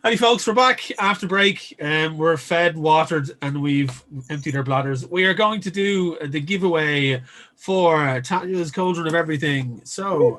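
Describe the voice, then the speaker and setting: A man's voice: fairly high pitch, measured pace, fairly bright tone. A man hosting and running a tabletop game, talking in a loose, chatty way with lots of ums. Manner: chatty, filler-heavy, loose delivery. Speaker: game master and host. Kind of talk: narrating a tabletop game, casual chat.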